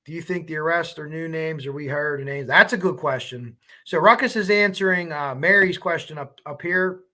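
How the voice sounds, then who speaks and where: A man's voice: fairly high pitch, normal speed, bright, forceful tone. A man hosting a true crime livestream, chatting casually and rambling as he reacts to viewer comments.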